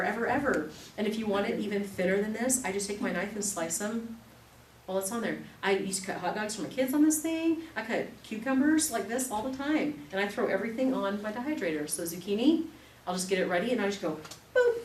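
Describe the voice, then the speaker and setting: A woman in her thirties teaching an evening class, chatty and animated, telling stories with quick laughs. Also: mid-range voice. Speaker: class instructor. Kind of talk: live classroom demonstration. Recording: echoey room, distant mic, faint noise.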